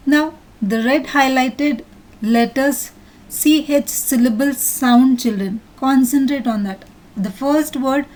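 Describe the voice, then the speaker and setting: Woman, high voice, slow and deliberate, English teacher, clear word-by-word pronunciation for children. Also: darkish tone. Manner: sounds out words one by one, clearly and patiently.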